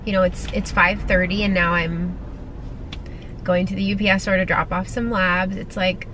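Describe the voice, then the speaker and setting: A woman's voice: mid-range voice, level tone, moderate pace, fairly bright tone. Casual twenty-something woman vlogging, lots of likes and ums, car noise behind her. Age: 20s. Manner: chatty, venting, filler-heavy with lots of "like" and "um". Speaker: nurse practitioner vlogger. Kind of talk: casual vlog chat.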